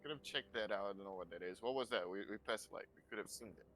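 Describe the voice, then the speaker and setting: A man's voice: fairly low pitch, quick pace, fairly bright tone. A man playing a tabletop game, chatting casually and joking, swearing freely. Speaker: player.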